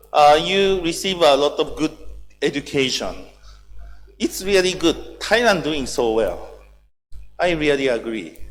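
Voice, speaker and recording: Japanese man lecturing in broken English, unhurried and chuckling, voice ringing in a long hall reverb. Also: fairly high pitch, a bit bright, slight background noise. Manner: halting broken English, laughs often while telling stories. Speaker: workshop lecturer. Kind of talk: humorous training lecture. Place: large training hall.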